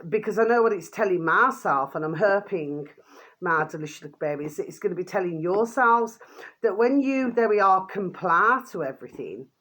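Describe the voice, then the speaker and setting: A woman's voice: medium pitch, lively intonation, normal speed, fairly bright tone. An older woman vlogging in a rambling casual monologue, full of fond pet names, fillers and trailing restarts.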